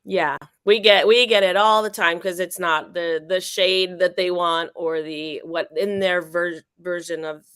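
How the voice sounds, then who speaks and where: Guest: woman in her fifties, lowish voice, dry close sound, thoughtful and halting in casual conversation. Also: steady tone, fairly bright tone, clear, resonant tone, no echo. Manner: reflective, hesitant, many fillers. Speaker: actress, guest. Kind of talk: casual interview chat.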